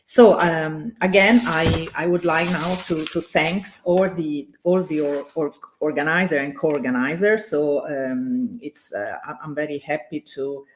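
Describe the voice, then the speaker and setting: Halting woman giving a welcome speech. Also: deep voice, a little hiss or hum. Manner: halting, many fillers and restarts. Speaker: president of the organization, opening host. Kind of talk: hesitant welcome speech with thanks.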